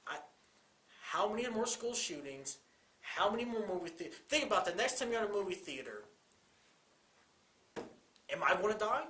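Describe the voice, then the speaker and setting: A man's voice: high-pitched, big pitch swings, normal speed, pauses often, pushed and bright, roomy sound. A young man co-hosting a college talk show, speaking with urgent, repetitive passion and pleading questions. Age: young adult. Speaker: co-host. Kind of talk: impassioned commentary.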